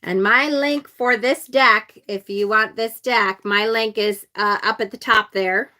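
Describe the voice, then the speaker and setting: Chatty upstate New York woman, bright voice. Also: a little high, a little slow. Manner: chatty, reads viewer comments aloud, laughs often. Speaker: tarot channel host. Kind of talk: casual live-stream deck unboxing.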